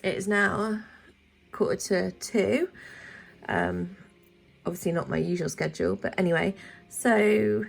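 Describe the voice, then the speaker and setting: A woman's voice: fairly even intonation, unhurried, creaky, pauses often, husky. A woman with a sore throat, chatting casually in a vlog with many ums and asides. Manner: talks in high baby-talk to her pet bird. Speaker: vlogger.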